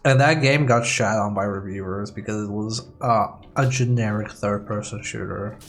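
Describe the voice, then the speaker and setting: A man's voice: lowish voice, moderate pace, soft background music. A man streaming a video game, chatting casually and rambling with jokes as he plays. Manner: joking, rambling. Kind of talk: casual let's play chat.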